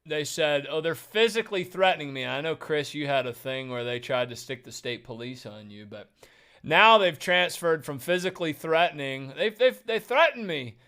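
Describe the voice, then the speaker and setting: A man chats casually on a panel about threats and accusations, loose and jokey in delivery. His voice is bright and smooth. He talks at an easy conversational pace. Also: a little high, animated, moderate pace.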